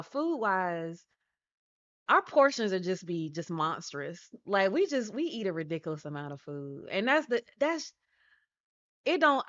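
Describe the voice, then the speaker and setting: A woman's voice: lowish voice, a bit bright, lo-fi sound. A woman chatting casually on a live stream, rambling, answering her chat and laughing often. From United States.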